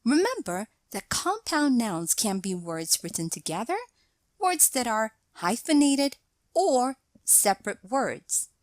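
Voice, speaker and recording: A woman narrating a scripted English grammar lesson, explaining each point in a deliberate, measured way. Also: fairly high pitch, no echo.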